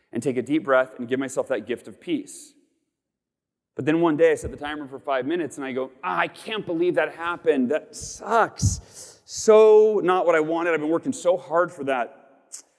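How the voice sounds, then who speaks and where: A man giving an inspirational keynote on a conference stage, earnest and stumbling over repeated words as he speaks. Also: medium pitch. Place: large conference hall stage. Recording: long reverb of a large hall.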